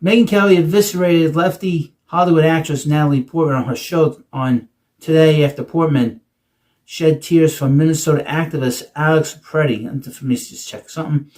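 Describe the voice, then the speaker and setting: A man's voice: fairly high pitch, fairly even intonation, moderate pace, darkish tone. A man hosting political commentary, reading quotes aloud and breaking in with sarcastic asides. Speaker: commentary host.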